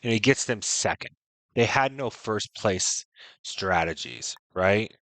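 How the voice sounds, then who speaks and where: A man's voice: on the low side, lively intonation, slow pace, fairly bright tone, dry recording. A man streaming a strategy game, giving frank, chatty commentary full of "right?" and "you know". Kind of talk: casual gameplay commentary.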